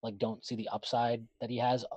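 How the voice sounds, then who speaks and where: A man co-hosting a casual sports podcast, talking haltingly with lots of "like" and "uh". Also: medium pitch, little pitch movement, a little mellow, no echo. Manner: hesitant, full of "like" and "uh". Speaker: podcast co-host.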